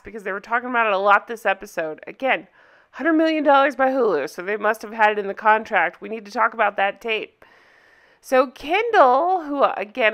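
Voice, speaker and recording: Woman host, reaction commentary, bright voice, a touch high, incredulous and wry. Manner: sarcastic, incredulous. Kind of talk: casual commentary.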